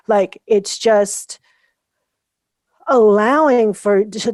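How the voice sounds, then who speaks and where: A woman speaks as a guest in a relaxed interview, her voice at a middle pitch. She tells her story with energy and acts out what people said to her. The sound is dry and close, with no room around it. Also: no room sound. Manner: animated storyteller acting out quoted dialogue. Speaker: guest, founder of a coaching method.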